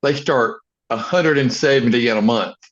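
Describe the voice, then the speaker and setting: A man talks in a middle-pitched voice, firm and earnest, with many short affirming phrases. The recording sounds a little dull and muffled. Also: normal speed. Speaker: chiropractor, podcast co-host. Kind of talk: casual chat.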